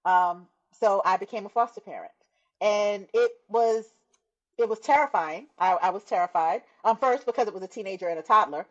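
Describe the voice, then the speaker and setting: A woman's voice: medium pitch, normal speed, lo-fi sound. A middle-aged woman sharing her personal testimony as a guest, in earnest, conversational storytelling that acts out what people said. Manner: earnest, warm storytelling with laughs and acted-out quotes.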